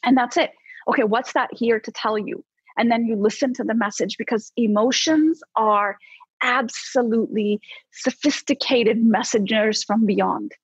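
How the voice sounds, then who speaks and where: A woman psychologist, a podcast guest, explaining how to handle emotions in a lively, coaching way with casual fillers. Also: on the high side, moderate pace, breathy edge, no room sound. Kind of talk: conversational podcast advice. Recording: slightly dull, dry podcast audio.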